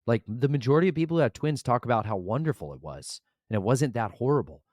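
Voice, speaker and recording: A man in his thirties, a sleep-deprived father of twins, rambling through a casual vlog monologue with sudden loud bursts. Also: medium pitch, animated, fast, dry recording.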